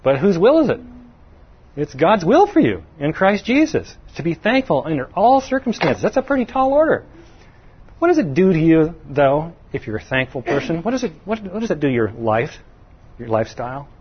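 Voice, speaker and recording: A man's voice: fairly high pitch, very animated, moderate pace, breathy edge, lo-fi sound. A middle-aged man giving a conversational sermon in a folksy way, asking the audience questions and lifting his voice to stress points. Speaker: preacher.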